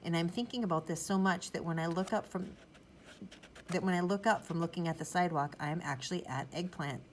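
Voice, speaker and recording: A woman's voice: fairly low pitch, brisk, a little hiss or hum, poor audio. Chatty woman narrating a children's book. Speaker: audiobook narrator. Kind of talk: first-person storybook narration.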